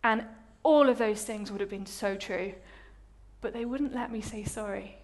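A young adult woman giving a personal testimony in a sermon, telling her story in an animated, self-mocking way. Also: medium pitch, moderate pace.

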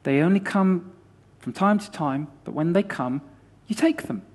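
A man preaching a sermon as pastor, animated and repetitive, acting out short dialogues. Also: sits high, moderate pace, slightly rough.

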